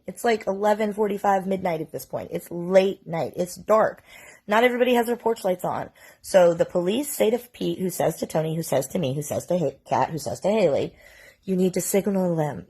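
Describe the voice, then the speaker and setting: A mother in her forties, with a lowish, creaky, slightly rough voice and a dark tone, chats into her phone while telling a long family story for a storytime vlog. Her casual delivery is full of "like" and sprinkled with mild swearing.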